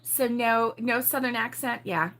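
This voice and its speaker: A woman's voice: on the high side, unhurried, a bit bright. An older woman from Baltimore hosting a casual crochet livestream, chatty and giggly, rambling with lots of ums. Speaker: crochet show host.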